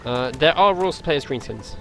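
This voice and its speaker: A young man streaming a game and chatting loosely with friends, his voice at an ordinary middle pitch. He rambles and hesitates, filling gaps with ums. Loud game music plays behind him. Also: lively intonation, fast talker. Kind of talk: casual chat while gaming.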